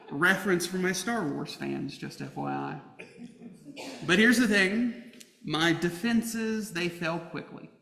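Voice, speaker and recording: A man preaching a sermon as a pastor, telling a family story with humor and lively emphasis. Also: high voice, creaky. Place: church sanctuary. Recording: roomy church hall reverb.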